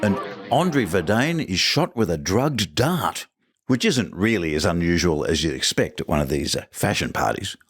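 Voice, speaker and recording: A man's voice: low voice, sing-song, normal speed, slightly rough, a faint crowd. A man hosting a podcast, reviewing an episode in a wry, joking commentary and firing off rhetorical questions. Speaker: podcast host.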